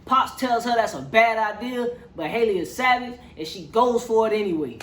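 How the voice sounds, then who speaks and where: A movie reviewer recapping a film's plot in a casual, slangy, animated storytelling way. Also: medium pitch, normal speed. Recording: roomy echo.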